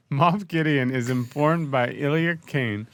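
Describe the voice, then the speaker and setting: A man co-hosting a casual podcast, laid-back and quick with joking asides. His voice sits at an ordinary middle pitch. The recording is close and dry. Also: fairly bright tone, clear, resonant tone, dry recording. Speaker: podcast co-host.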